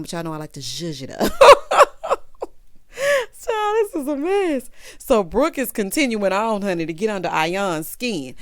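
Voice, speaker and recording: Sassy, animated woman recapping reality TV. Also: on the low side, dry recording, studio quality. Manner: sassy and dramatic, acts out quotes, calls the viewer honey and child. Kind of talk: casual commentary recap.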